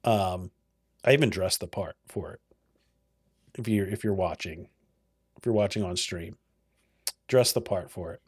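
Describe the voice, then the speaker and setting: A man's voice: low voice, measured pace, pauses often, a little mellow, breathy edge, dry recording, studio quality. A man co-hosting a podcast in casual chat, talking loosely and rambling, often restarting his sentences. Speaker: podcast co-host.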